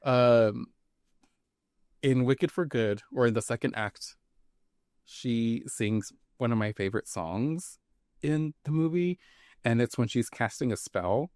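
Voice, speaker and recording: A man's voice: mid-range voice, takes it slowly, long pauses, darkish tone, dry recording, studio quality. A man co-hosting a podcast in casual chat, talking in a loose, chatty way full of "like" and small laughs. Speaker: podcast co-host.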